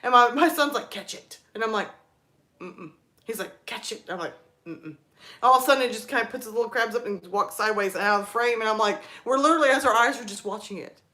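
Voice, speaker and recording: Young woman rambling on her live stream, chatty, kinda high voice. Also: bright, forceful tone. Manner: chatty storytelling, quick laughs. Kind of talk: casual live stream chat.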